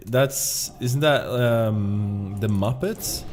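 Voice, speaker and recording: A man's voice: mid-range voice, slow. A man with a Swedish accent giving rambling, chatty commentary while streaming a game. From Sweden. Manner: rambling, chatty, many fillers. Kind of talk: casual gameplay commentary.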